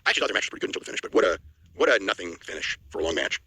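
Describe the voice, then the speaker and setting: A man co-hosting a wrestling news show, giving blunt opinions in a casual chat, with a husky voice. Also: low-pitched, big pitch swings, sharp tone, dry recording, low-quality recording. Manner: fast opinionated talk with restarts.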